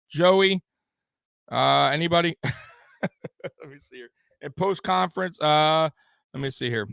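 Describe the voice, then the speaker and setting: Brief: male livestream host, sharp forceful voice, dry close mic, furious profane postgame rant. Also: on the high side, vocal fry, clean tone, dry recording. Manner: profane, heated, repeats himself. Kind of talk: angry live postgame rant.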